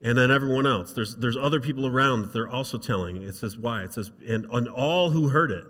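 A man preaching a sermon, reading scripture dramatically and dropping softly into asides, then leading a prayer. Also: mid-range voice, a little fast, long reverb tail. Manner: dramatic reading, rising loud for quotes, dropping soft for asides. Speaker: pastor.

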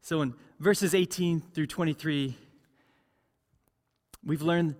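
A man's voice: fairly high pitch, fairly even intonation, slow, darkish tone. Earnest male pastor in a reverberant church. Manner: earnest, repeats key phrases for emphasis. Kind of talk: sermon. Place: large church sanctuary.

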